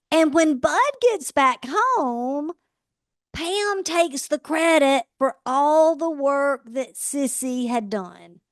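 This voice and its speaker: Woman podcast host, high voice, takes her time, dry close sound, laughs a lot while telling stories. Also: no room sound. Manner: animated storyteller who laughs often. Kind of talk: casual chat, storytelling.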